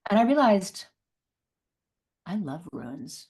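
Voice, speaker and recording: A middle-aged woman telling a personal story as an interview guest, laughing often and acting out voices with big jumps in pitch. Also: very animated, slow pace, a little mellow, slightly rough. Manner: laughs often, many fillers.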